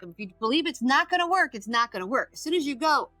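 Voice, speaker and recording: A middle-aged recovery coach, appearing as a podcast guest, tells stories emphatically and acts out the voices of the people she quotes. She talks fast and very animatedly in a high, pushed, bright voice. The recording is dry, with faint music behind.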